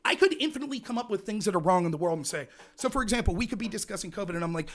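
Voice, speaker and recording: A male host in a heated call-in debate, talking loudly and passionately, firing repeated questions. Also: sits high, expressive, racing, few pauses. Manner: loud, passionate, repetitive hectoring questions.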